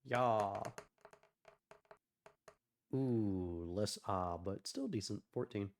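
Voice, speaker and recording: A player in a tabletop game, playful and casual, quick to laugh. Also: deep voice, a little hiss or hum.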